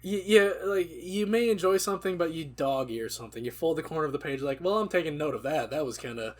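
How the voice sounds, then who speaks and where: A man on a casual podcast with a slightly raised pitch and a husky voice. He talks in a halting, hesitant way, often stopping to restart his sentences. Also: expressive. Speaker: podcast co-host.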